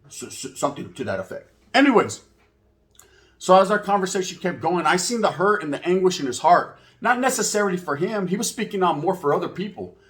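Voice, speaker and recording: A man tells a story in a loose, unscripted way. His voice sits a little higher than most men's. He swears freely and leans on street slang laced with Spanish words. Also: big pitch swings, fairly quick, a bit bright. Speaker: channel host. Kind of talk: casual storytelling.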